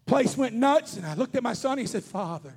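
A man, preaching a fervent sermon as pastor, shouting his points and mixing in joking asides. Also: very high voice, animated, fast, husky. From Kentucky. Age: 40s.

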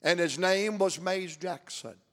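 An older man preaching a sermon as pastor, reading scripture aloud and stretching out key words between long pauses. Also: high-pitched, a bit bright, in a large hall.

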